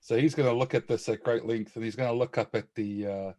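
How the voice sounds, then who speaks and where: A man's voice: medium pitch, steady tone, a little fast, darkish tone. A man playing in a tabletop game, chatty and easy, laughing often. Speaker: player. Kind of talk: casual tabletop play.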